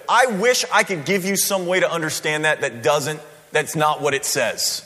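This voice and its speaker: A man preaching a sermon in a church, conversational and animated, often checking in with "right?". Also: fairly high pitch, normal speed. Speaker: pastor. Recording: long hall reverb.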